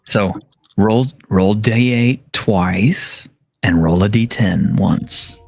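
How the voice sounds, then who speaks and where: A man running a tabletop game on a stream as game master, casual and chuckling, with halting fillers. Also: lowish voice, creaky, dry recording, studio quality.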